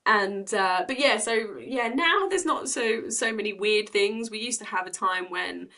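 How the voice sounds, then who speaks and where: A woman's voice: medium pitch, animated, unhurried, pushed and bright. A woman, a comedy promoter, chatting casually in an interview with frequent laughs and ums. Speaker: comedy club co-founder and promoter.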